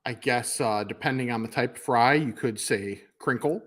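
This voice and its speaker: A man's voice: medium pitch, normal speed, a bit bright. A man co-hosting a podcast in casual chat, jokey and self-deprecating, recorded in a studio with video cameras. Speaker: podcast co-host.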